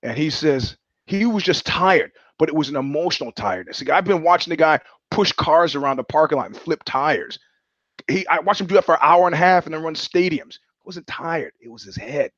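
A man hosts his podcast in a blunt, profane, rambling monologue full of restarts. His voice sits a little high for a man. The recording is dry and dull, with a lo-fi sound. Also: animated, a little fast, dry recording. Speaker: podcast host. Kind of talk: casual monologue.

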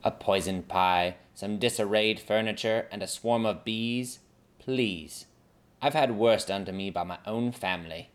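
A ruthless young queen from a comic fantasy story, haughty and sneering, as a man puts her on. She schemes coldly and looks down on everyone. The tone stays low and close. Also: unhurried, natural voice.

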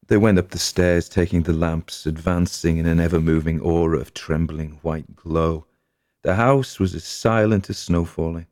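A man narrating a spooky short story in a measured, atmospheric audiobook reading with a gravelly voice. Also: deep voice, fairly even intonation, darkish tone, dry recording, clean studio sound.

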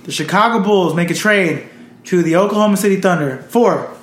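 A man's voice: high voice, brisk, a bit bright. A man co-hosting a casual sports podcast, breaking down trades and laughing often. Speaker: podcast co-host. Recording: echoey room.

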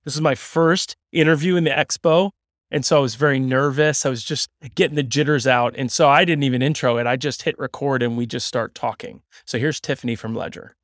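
Guy hosting a podcast, mid pitch, upbeat and loose, dry close sound. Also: a little fast, fairly bright tone, no room sound. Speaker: podcast host. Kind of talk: casual podcast chat.

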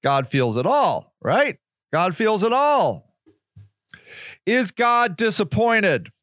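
A man's voice: high-pitched, big pitch swings, slow, fairly bright tone, no echo, studio quality. A man hosting a podcast, talking in a rambling casual monologue, swearing now and then and acting out little quoted voices. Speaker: podcast host.

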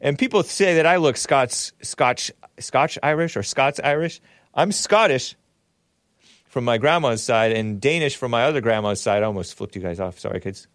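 An American man hosts a livestream talk show, reading viewer messages aloud and chatting in a rambling way with frequent chuckles. His mid-range voice is expressive and fairly bright at a moderate pace, captured in studio quality with no room sound.

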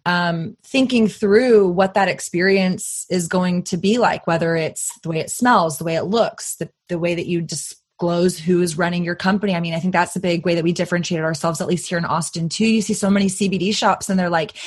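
A young adult woman from Texas, hosting a podcast in a casual, animated and emphatic way. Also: lowish voice, fairly quick, few pauses, breathy edge. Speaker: podcast host.

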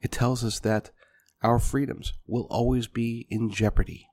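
A man's voice: mid-range voice, steady tone, measured pace, a little mellow. A man delivering a punchy political commentary monologue, speaking directly to his listeners as folks.

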